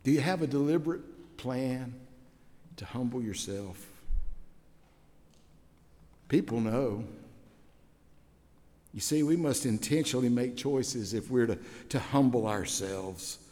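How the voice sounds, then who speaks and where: A middle-aged man preaching a sermon as pastor, telling stories and swinging from hushed prayer to loud exclamations. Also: mid-range voice, animated, slow, long pauses. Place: church sanctuary. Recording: long hall reverb in a church.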